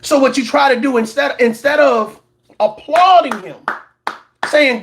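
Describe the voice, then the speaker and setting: A very high-voiced man speaks a little slowly over background noise as host of a reaction commentary channel. He preaches at his audience, repeats words for emphasis and mocks others in put-on voices.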